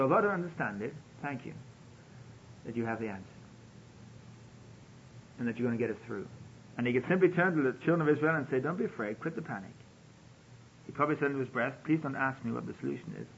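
A man's voice: mid-range voice, gravelly, slight background noise. A man preaching a sermon, telling a story and acting out the quoted pleas, on a dull lo-fi radio broadcast.

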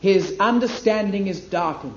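A man preaching a sermon, emphatic, rising to loud declamation when he reads scripture. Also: sits high, expressive, moderate pace, slight background noise. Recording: echoey hall, dull lo-fi, faint ambience.

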